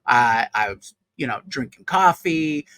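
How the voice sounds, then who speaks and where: A man's voice: mid-range voice, animated, measured pace, pushed and bright, no room sound, poor audio. A man co-hosting a casual chat show, thinking aloud with many fillers and restarts. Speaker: co-host.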